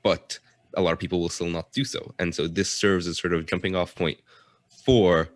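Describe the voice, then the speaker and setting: A man on a podcast panel, speaking in a measured, deliberate way. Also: low-pitched, steady tone, no echo. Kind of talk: casual panel discussion.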